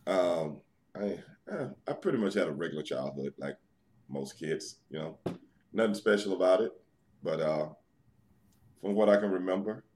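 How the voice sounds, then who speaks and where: A man's voice: deep voice, lively intonation, normal speed, long pauses, a little mellow, slight background noise. A man from New York City, a guest on a casual podcast interview, talking in a laid-back, teasing way and quizzing the hosts. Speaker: guest, former pro wrestler.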